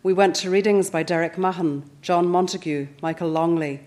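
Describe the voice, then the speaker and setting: A Northern Irish woman in her fifties reading her own reflective first-person essay in a measured way. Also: on the low side, fairly even intonation, a little mellow. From Northern Ireland. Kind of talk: scripted first-person narration.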